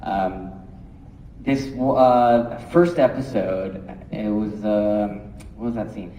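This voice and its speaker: A young man, an actor on a convention panel, telling an excitable story about his first week on set. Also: lowish voice, slow pace, far from the mic, slight background noise. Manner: animated storytelling with laughs. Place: large convention hall. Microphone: handheld mic. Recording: echoey hall, mic from afar.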